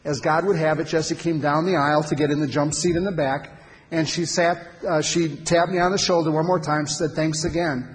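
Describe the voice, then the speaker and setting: A man with a high voice tells a personal story to a men's gathering, emphatic and animated, with pauses for effect. His words echo through a large hall with a long reverb. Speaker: speaker at a men's conference. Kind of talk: storytelling talk to an audience.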